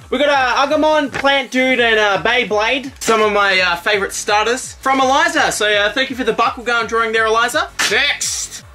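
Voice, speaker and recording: A young Australian man hosting a fan-mail video, chatting casually with offhand, sweary jokes. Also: very high voice. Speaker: YouTuber host reading fan mail. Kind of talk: casual chat.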